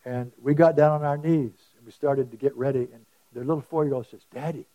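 A middle-aged man preaching a sermon, telling stories and moving from loud stressed phrases to hushed asides. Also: medium pitch, steady tone, fairly quick, low-quality recording. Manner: storytelling, shifts from loud emphasis to hushed asides.

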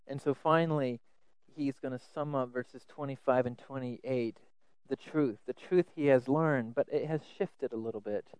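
Earnest preacher with a smooth voice. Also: male voice, medium pitch, normal speed, dry recording, low-quality recording. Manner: earnest, repeats words when emphasizing; swings between loud emphasis and soft asides. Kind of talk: sermon.

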